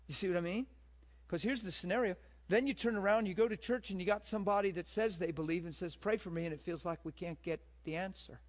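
Man preaching, storytelling to the room. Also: sits high. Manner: storytelling, asks the room questions. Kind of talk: sermon. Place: room with a live audience.

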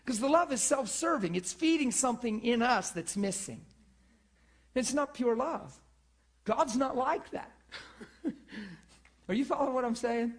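Male preacher, high-ish voice, lively teaching delivery, stammered restarts, talks with the audience. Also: a little slow, long pauses, breathy edge. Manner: animated, repetitive, checks in with the audience. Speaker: preacher teaching a church school class. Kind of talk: sermon.

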